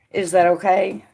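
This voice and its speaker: A woman hosting a casual live tarot reading, chatting with viewers by name and dropping to a quiet murmur when she puts questions to the cards. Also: medium pitch, vocal fry. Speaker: tarot reader and stream host.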